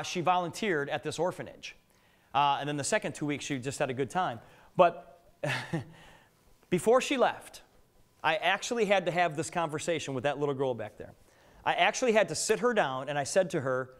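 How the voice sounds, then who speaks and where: A middle-aged man with a fairly high voice speaks to a live audience in a meeting room. He tells joking stories and keeps asking the crowd questions. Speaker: business presenter. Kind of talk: live business presentation with anecdotes.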